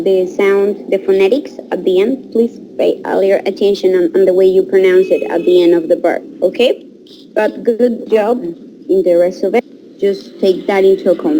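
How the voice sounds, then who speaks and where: Woman english teacher, mellow voice, slow, encouraging feedback. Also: mid-range voice, a little hiss or hum, low-quality recording. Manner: encouraging, instructive. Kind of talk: online class feedback.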